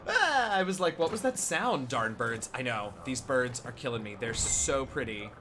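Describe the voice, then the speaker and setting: A woman streaming a game, chatting casually and breaking into excited exclamations and laughter. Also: rumbling low, normal speed. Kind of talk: casual live-stream commentary. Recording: loud background noise.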